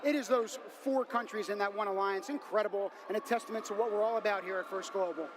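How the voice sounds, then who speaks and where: A man commentating a robotics competition live from a booth, talking fast and hyped like an announcer. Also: high-pitched, background noise. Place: commentary booth in a noisy arena.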